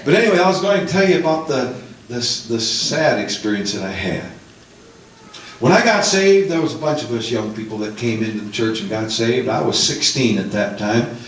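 A man's voice: mid-range voice, lively intonation, normal speed, slight background noise. A man in his sixties preaching a heartfelt testimony sermon, telling his story with emotion and pleading rises. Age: 60s. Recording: echoey room, distant from mic.

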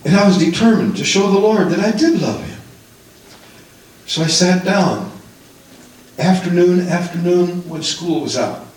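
A man in his sixties preaching a heartfelt testimony sermon, telling his story with emotion and pleading rises. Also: high-pitched. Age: 60s. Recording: echoey room, distant from mic.

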